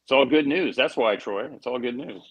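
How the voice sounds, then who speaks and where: A man in casual political chat who chimes in with quick agreeing remarks. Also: mid-range voice, dull audio, a crowd in the background. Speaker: panelist.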